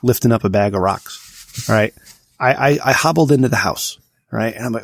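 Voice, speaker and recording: Man, 30s, podcast co-host, crude joking storyteller, gravelly voice, dry sound. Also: on the low side, brisk, no echo. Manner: crude, joking, tells stories with acted quotes. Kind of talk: casual comedic chat.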